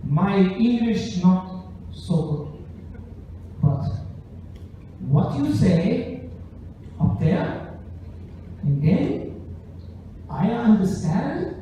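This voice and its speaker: A comedian doing a halting Japanese businessman. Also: high voice, sing-song, mellow, distant mic, a little hiss or hum, heavily acted. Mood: earnest. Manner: slow, halting broken English. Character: Japanese businessman speaking broken English, earnest. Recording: very echoey theater, mic from afar.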